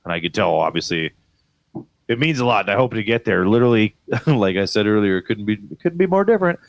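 A man in his thirties, a father and co-host, telling a family story in casual chat with lively delivery. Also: quick pace, dry recording. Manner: animated, acts out his daughter's voice in high squeals.

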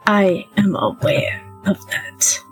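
A woman player speaking formally and deliberately in character in a tabletop role-play. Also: mid-range voice, big pitch swings, faint music behind, low-quality recording.

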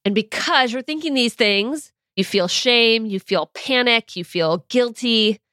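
A woman's voice: a little high, measured pace, pushed and bright, dry recording, studio quality. A young woman in a teaching monologue, talking earnestly and casually as a mindset coach and acting out her own anxious thoughts in examples. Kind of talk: teaching monologue with personal stories.

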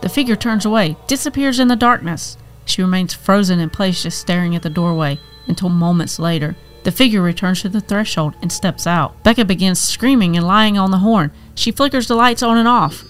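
A woman reading a horror story aloud as scripted narration, measured and tense. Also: mid-range voice, soft background music.

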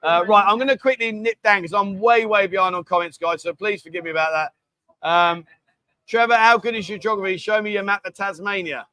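A man's voice: high voice, fairly quick, pushed and bright, clean tone, no room sound. A man hosting a casual livestream from a bar, chatting with the staff and reading out viewer comments. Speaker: livestream host.

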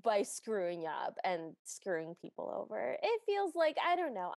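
A woman's voice: mid-range voice, very animated, moderate pace, gravelly, darkish tone, dry recording, clean studio sound. A woman co-hosting a podcast, chatting casually and reacting with wry asides. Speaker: podcast co-host. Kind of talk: casual chat.

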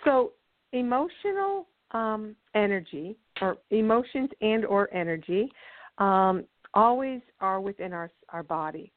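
Her voice sits in the middle range, lively in intonation and measured in pace, as this guest speaker teaches earnestly through explanation and story. She performs the quoted lines herself, and the audio is a dry, tinny phone connection.

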